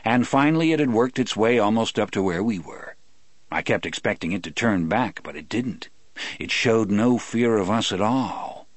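A man narrating an audiobook in a measured, reflective storytelling manner. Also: fairly low pitch, animated, no echo.

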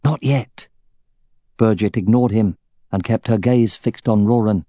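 Male audiobook narrator: mellow, even, measured, dry booth sound. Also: fairly low pitch, no room sound.

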